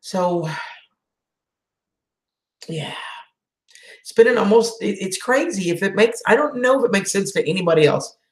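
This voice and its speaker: A woman's voice: medium pitch, lively intonation, moderate pace, long pauses, echoey room. A woman hosting a casual live chat, emotional as she answers viewer comments. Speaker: channel host doing a live chat.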